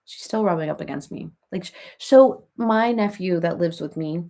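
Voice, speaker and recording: A woman's voice: on the low side, lively intonation, normal speed, gravelly, warm tone. A woman playing a rambling, chatty reality-TV woman in a comedic parody livestream, who baby-talks her cats and answers viewers by name.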